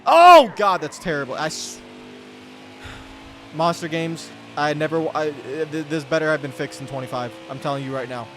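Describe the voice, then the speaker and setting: A man on a fairly high voice, talking through a racing game as he plays it. He rambles, restarts his sentences and works himself up into exasperated rants. Game music plays clearly underneath. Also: level tone, moderate pace. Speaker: gaming channel host. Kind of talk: live gameplay commentary. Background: game music and car engine sounds.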